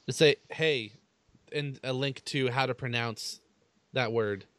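A man's voice: mid-range voice, takes it slowly, a bit bright, dry recording. A man co-hosting a podcast, chatting casually with a playful, teasing humor. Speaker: podcast co-host. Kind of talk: casual chat.

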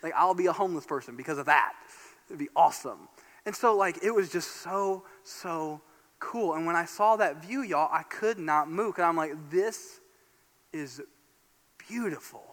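A man from Northeast Indiana preaching a sermon as pastor, telling a story in an animated, excitable way. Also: fairly high pitch, normal speed. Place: church sanctuary. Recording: long church hall reverb.

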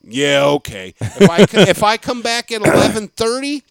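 A man's voice: sits high, lively intonation, normal speed, no room sound. Chatty man telling rambling stories. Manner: rambling storyteller, acts out office exchanges. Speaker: podcast co-host. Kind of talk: casual comedic chat.

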